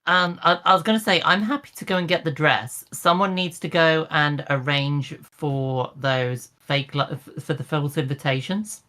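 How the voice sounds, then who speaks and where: A woman's voice: deep voice, steady tone, moderate pace, few pauses, pushed and bright. A woman playing a tabletop game, planning the group's moves in a practical way, with hesitant fillers. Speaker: player. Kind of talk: casual tabletop game chat.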